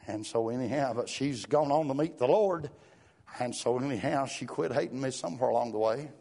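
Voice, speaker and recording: Man, preacher, fervent sermon, gravelly, raspy, rhythmic interjections. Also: medium pitch, a little fast. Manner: fervent, rhythmic, peppered with "uh" and "praise God", sometimes shouting.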